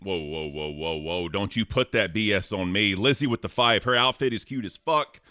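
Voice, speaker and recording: Low, bright-voiced man hosting a stream. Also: moderate pace, dry recording. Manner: animated, cusses, calls out names and tips. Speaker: co-host reading donations. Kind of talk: casual live-stream chat.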